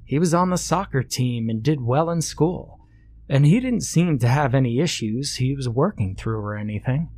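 A man's voice: mid-range voice, lively intonation, normal speed, a little mellow. A man reading a horror story aloud in a conversational way, dropping in casual asides.

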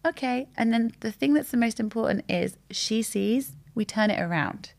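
A woman's voice: fairly high pitch, normal speed, creaky. A woman, a podcast guest talking candidly and telling stories with quoted voices. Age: 30s. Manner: open, animated storytelling with quoted voices. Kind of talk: candid conversational chat.

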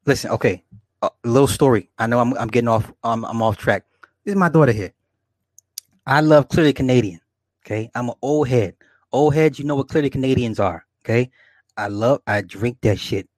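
A man's voice: mid-range voice, brisk, a little mellow, dry recording, clean studio sound. A man in his forties hosting a casual livestream, rambling and swearing, laughing often and talking straight to his viewers. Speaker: livestream host. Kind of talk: casual livestream chat, reading comments.

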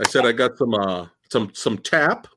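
A man's voice: medium pitch, expressive, measured pace, bright, forceful tone. A man hosting a live-stream podcast, laid-back and greeting viewers by name. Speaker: host. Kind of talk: casual live-stream chat.

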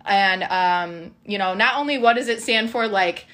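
Bubbly bright-voiced woman podcast host. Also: mid-range voice, unhurried. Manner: bubbly, giggly, enthusiastic. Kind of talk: casual podcast chat.

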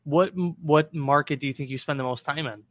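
A man's voice: fairly high pitch, fairly even intonation, fairly quick, fairly bright tone, dry recording, studio quality. A man hosting a casual interview, giving short agreeing replies and asking questions. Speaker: podcast host.

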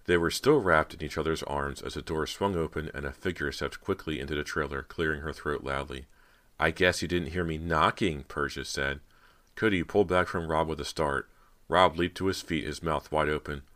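A man narrating a horror audiobook in a steady, measured storytelling manner. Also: very deep voice.

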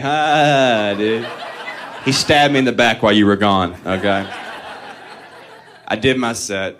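A man's voice: mid-range voice, fairly bright tone, a little hiss or hum. A man doing a stand-up comedy set, telling profane, self-deprecating stories and chuckling at his own lines.

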